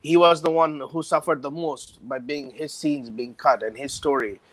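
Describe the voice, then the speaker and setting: A man's voice: a little high, fairly even intonation, moderate pace, a bit bright, dry recording. A man co-hosting a casual podcast, hesitant and full of fillers. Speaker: podcast co-host. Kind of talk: casual chat.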